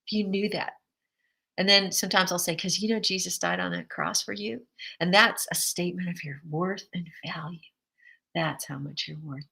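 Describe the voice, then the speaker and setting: Bright, animated woman giving a faith pep talk. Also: medium pitch, rough recording. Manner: animated and emphatic, laughing often, acting out quotes. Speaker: host of a faith-based encouragement show.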